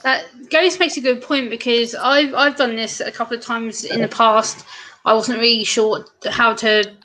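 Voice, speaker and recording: A woman's voice: a little high, steady tone, normal speed, bright, forceful tone, poor audio. A woman chatting casually, telling a story about meeting a service dog. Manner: chatty anecdotes with fillers. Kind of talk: casual chat.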